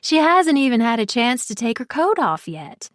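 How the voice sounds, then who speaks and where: A woman narrator voicing a gentle, apologetic woman who is new to the group, in an audiobook. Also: on the high side, sing-song, moderate pace, dry recording, studio quality.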